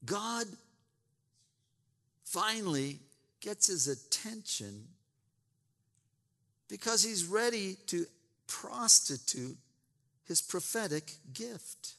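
A man's voice: high voice, very animated, drawn-out words, vocal fry, pauses often, bright, forceful tone. A man preaching a sermon, retelling scripture with emphatic asides and repeated words. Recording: long reverb in a large hall.

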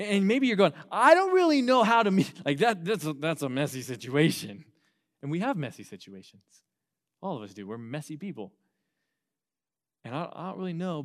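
A young man preaching to a youth group, talking in an earnest, animated way with frequent restarts and stammers. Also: on the high side. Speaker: youth pastor.

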